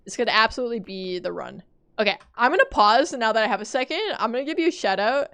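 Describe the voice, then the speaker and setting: A young woman streaming a game live, talking to her chat in a panicky, excitable way. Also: fairly high pitch, fast, smooth. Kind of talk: live gameplay commentary.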